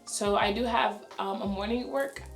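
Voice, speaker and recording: A young adult woman, a schoolteacher, talking fast and chatty in a casual vlog, her voice raspy and tired. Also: medium pitch, fairly even intonation, echoey room, soft background music. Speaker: elementary school teacher. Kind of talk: casual vlog talk to camera.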